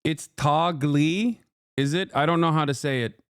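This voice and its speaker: A man's voice: fairly high pitch, fast talker, fairly bright tone, clear, resonant tone, no room sound, studio quality. A man streaming live, commenting on clips in a rambling, emphatic way and talking to his chat.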